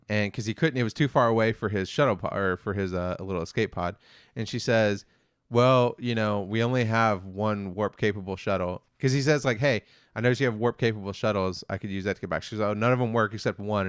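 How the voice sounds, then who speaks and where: His voice sits on the low side and sounds smooth, captured in clean studio sound with no echo. Sharing hosting duties on a review podcast, he gives a rambling, casual recap of an episode, full of fillers, with characters' lines quoted flatly.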